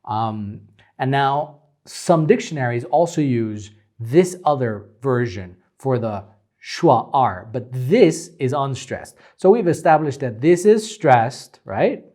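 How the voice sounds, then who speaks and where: A young man teaching phonetics, explaining symbols slowly with frequent ums while pointing at examples. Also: medium pitch, animated, mellow. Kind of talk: phonetics lecture at a board.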